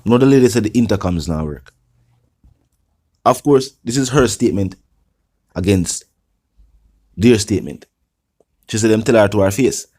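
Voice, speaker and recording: A man hosting a news channel, giving measured conversational commentary. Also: lowish voice, mellow.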